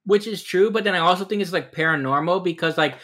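A man's voice: high-pitched, fast, a bit bright. A man co-hosting a casual film review podcast, rambling and hedging with lots of likes. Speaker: podcast co-host.

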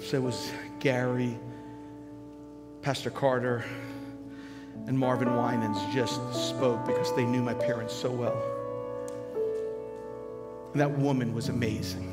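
An older man, a pastor, preaching a sermon in a conversational, storytelling way at a live conference, on a stage microphone. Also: medium pitch. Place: large conference hall. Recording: live hall reverb with music behind. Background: music.

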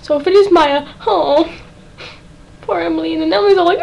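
A teenage girl rambling excitedly in a casual reaction vlog, full of "like" and dramatic outbursts. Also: very high voice, brisk, gravelly, long pauses, slight background noise, low-quality recording. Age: teens. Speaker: fan vlogger.

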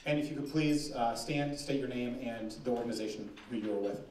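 A man's voice: medium pitch, fairly quick, darkish tone. A man moderating a question-and-answer session at a forum, with light, joking asides. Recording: echoey conference room, distant mic, faint noise.

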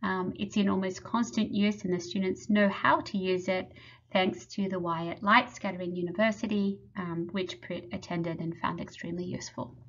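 A woman who heads a lab, giving a measured, explanatory webinar presentation. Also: mid-range voice, steady tone. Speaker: lab head presenting research. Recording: slightly muffled webinar audio.

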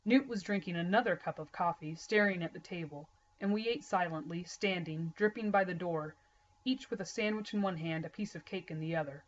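A woman reading a novel aloud in a steady, plain narrating voice with occasional small slips. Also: on the low side, fairly quick, highs cut off. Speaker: reader. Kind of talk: storybook read-aloud.

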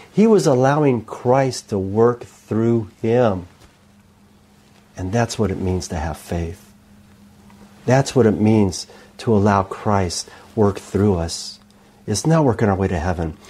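A male preacher delivering a sermon with rhetorical questions and emphatic, expressive delivery. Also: lowish voice, breathy edge.

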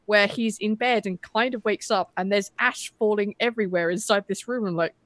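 A woman's voice: medium pitch, a little fast, fairly bright tone, dry recording. A chatty woman co-hosts a casual TV recap, her talk full of "like" and "um" and the odd casual swear. Her voice is close and dry, with no room sound around it. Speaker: podcast co-host.

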